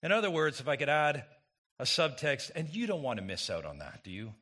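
A man's voice: mid-range voice, big pitch swings, brisk, bright, forceful tone. A man preaching a sermon as pastor, emphatic and full of rhetorical questions to the congregation.

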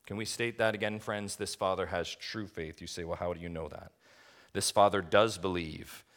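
Low-voiced emphatic male preacher. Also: steady tone, moderate pace, fairly bright tone. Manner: emphatic preacher, rhetorical questions, addresses listeners as friends. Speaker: pastor. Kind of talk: expository sermon.

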